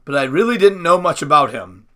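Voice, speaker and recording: A man's voice: a little high, animated, brisk, sharp tone. A man doing a stern frontier father. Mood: earnest.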